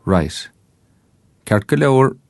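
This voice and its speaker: A man with an Irish accent narrating a scripted language lesson, saying each phrase slowly and carefully so listeners can repeat it. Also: medium pitch, sing-song, vocal fry, darkish tone, dry recording, studio quality. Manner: slow, careful enunciation for repetition. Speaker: language teacher.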